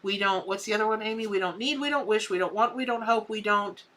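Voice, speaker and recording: Middle-aged Southern woman, bright voice, warm folksy patter as a live-stream tarot reader. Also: medium pitch, fast, slight background noise. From American South. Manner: folksy and effusive, calls viewers honey and baby.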